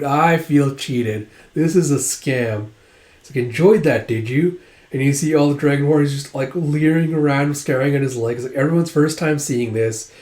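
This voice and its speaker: A man's voice: mid-range voice, darkish tone. A man casually recapping a manga in a chatty, filler-heavy way, acting out the lines as he goes. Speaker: manga readthrough host. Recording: roomy echo.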